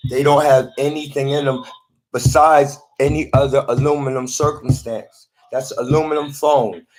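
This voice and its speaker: A man's voice: medium pitch, fairly even intonation, normal speed. A man talking to a phone in a rambling monologue, often repeating and restarting his words.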